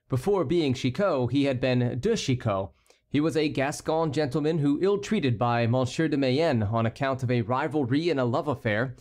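Male audiobook narrator, measured delivery, mid-pitched voice. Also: a little mellow. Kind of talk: scripted narration.

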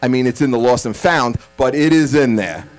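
A stand-up comic from Staten Island, delivering a punchy set with quick asides, then chatting casually in an interview. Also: male voice, medium pitch, soft background music, low-quality recording. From Staten Island, New York.

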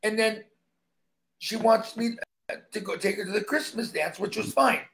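A man's voice: high-pitched, moderate pace, vocal fry, a bit bright. A man who is a stuntman, guesting on an interview and telling emphatic stories in which he acts out the dialogue.

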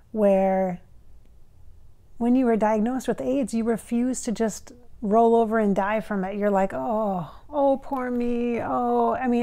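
A woman's voice: medium pitch, dark tone. Earnest woman channeler talking to camera. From Minnesota. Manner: earnest, emotional, addresses the spirit directly. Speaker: psychic channeler, channel host. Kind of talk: casual reaction talk to camera.

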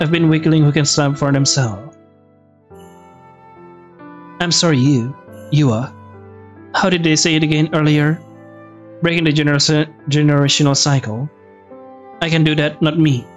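A man plays through a story game, reading the on-screen text aloud. His voice sits slightly high, and he stumbles and restarts words now and then. Soft game music runs faintly in the background. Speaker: let's play gamer. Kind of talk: reading a visual novel aloud with commentary.

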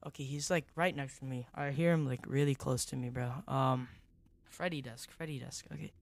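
A young man streaming a horror game, jumpy and excitable, who repeats himself in slangy bursts and drops to a whisper when tense. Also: medium pitch, normal speed, gravelly. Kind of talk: live gaming commentary.

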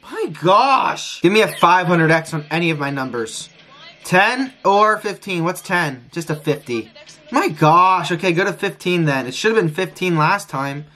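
A man streaming a casino session, frustrated, talking excitedly and repeating his pleas to the wheel. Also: high voice, measured pace. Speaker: gambling streamer. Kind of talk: live casino session commentary.

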